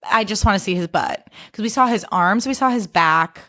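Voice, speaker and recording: A woman's voice: mid-range voice, moderate pace. A young adult woman hosting a solo podcast in casual chat, gushing and ranting with lots of swearing. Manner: animated, profane, gushing and ranting. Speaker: podcast host.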